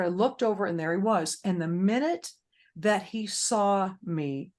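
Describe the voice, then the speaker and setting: A woman hosting a faith-based grief support group, chatting warmly with many fillers as she tells stories. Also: medium pitch, unhurried.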